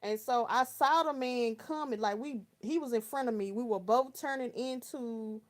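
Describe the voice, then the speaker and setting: Brief: woman, around thirty, from Texas, livestream host, slangy storyteller, slightly high voice. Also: normal speed. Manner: chatty storytelling with slang, talking to viewers by name. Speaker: live chat host. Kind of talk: casual livestream chat, reading viewer comments.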